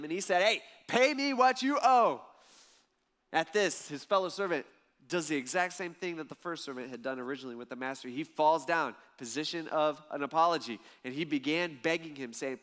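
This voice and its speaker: A male pastor delivers a Sunday sermon with a fairly high voice. He tells the story vividly and jumps into the characters' lines as he goes. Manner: lively storytelling preacher, acts out voices in the parable.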